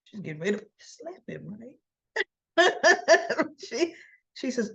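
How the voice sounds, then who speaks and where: A woman casually retelling soap opera scenes, acting out both sides of the dialogue and often clearing her throat. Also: a little high, sing-song, slow pace, long pauses, fairly bright tone, muffled recording. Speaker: soap opera recap vlogger.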